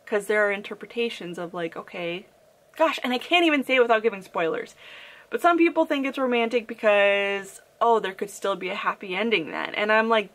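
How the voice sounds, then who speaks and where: A young woman giving a casual, opinionated book review on her vlog, talking in an animated way with frequent "like" fillers. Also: medium pitch, normal speed. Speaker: book vlogger.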